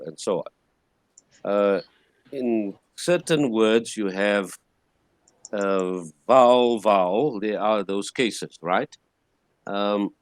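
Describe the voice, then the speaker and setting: A man teaching a language class, patiently repeating words slowly to model their pronunciation. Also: fairly low pitch, dry recording. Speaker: Greek teacher. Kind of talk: classroom lecture.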